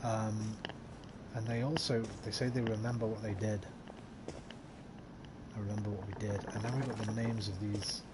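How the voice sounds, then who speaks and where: A man's voice: lowish voice, level tone, moderate pace, pauses often, noisy background. A man chatting casually as he streams a video game, rambling with lots of ums. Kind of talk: casual live-stream commentary.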